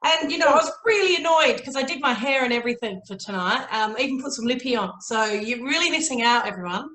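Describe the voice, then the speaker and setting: Bright bubbly woman in an echoey room. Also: on the high side, animated, quick pace. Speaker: wine show co-host. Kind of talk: casual chat over audio only.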